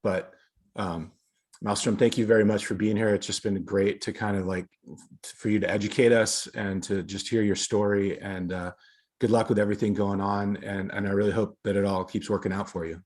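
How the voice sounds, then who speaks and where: Male podcast host, low husky voice, easygoing delivery. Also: moderate pace. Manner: relaxed, loosely phrased. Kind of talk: casual interview conversation.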